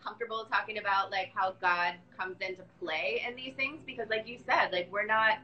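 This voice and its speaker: A woman's voice: mid-range voice, a little fast, lo-fi sound. A woman interviewing a friend in a friendly, casual way, asking questions full of filler words. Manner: friendly, laughing easily, filler-heavy questions.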